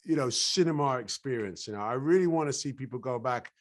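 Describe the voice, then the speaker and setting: Middle-aged British man, laid-back guest, easy laugh, mid-pitched voice. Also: a little fast. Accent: British English. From England. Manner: relaxed, laughs easily, slips into voices. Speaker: actor guest. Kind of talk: casual interview chat.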